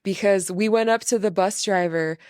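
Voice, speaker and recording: A woman's voice: mid-range voice, moderate pace, no echo, clean studio sound. Laughing woman telling a story. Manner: animated, laughs often through her story. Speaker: podcast host. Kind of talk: casual storytelling chat.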